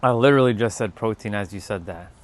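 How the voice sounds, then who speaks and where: A man's voice: on the low side, fast. A man hosting a casual livestream, chatting loosely with viewers, joking and swearing as he reads the chat aloud. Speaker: livestream host.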